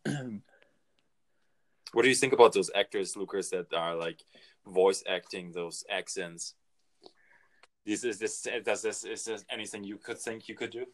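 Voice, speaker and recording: German guy w/ deep voice and german accent, cohosting a chill podcast, asks lots of questions. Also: a little slow, long pauses. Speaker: podcast co-host. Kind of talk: casual chat.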